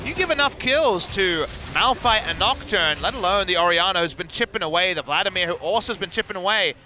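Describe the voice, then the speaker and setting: Bright, lively esports color commentator. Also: male voice, high-pitched, a little hiss or hum, poor audio. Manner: playful, teasing, dry jokes.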